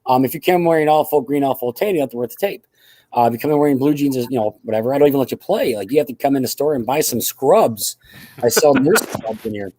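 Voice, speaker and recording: A man's voice: mid-range voice, quick pace, mellow, no echo. A man, a guest who owns a playing field, explaining things in an offhand, rambling way on a casual podcast. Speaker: guest, airsoft field owner.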